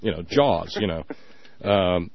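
A man's voice: deep voice, lively intonation, takes it slowly, no room sound. A man hosts a casual political talk show in a wry, reflective storytelling manner. He leans on fillers as he winds through an anecdote. The audio is slightly dull and dry.

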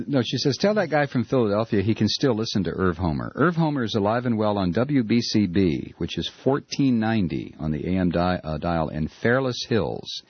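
A man hosts a talk radio show and reads listener mail aloud. His voice is low and husky, full of uh's and restarts. The sound is muffled and dry, like an old broadcast. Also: no echo. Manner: hesitant, many uh fillers and restarts. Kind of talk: casual radio talk, reading listener emails.

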